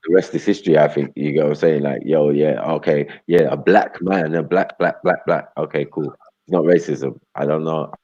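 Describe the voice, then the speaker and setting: A man's voice: a bass voice, steady tone, normal speed, mellow, breathy edge. A man chatting casually on a podcast, laid-back and thinking aloud as he weighs an argument. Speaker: podcast co-host. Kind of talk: casual chat. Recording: dull lo-fi sound.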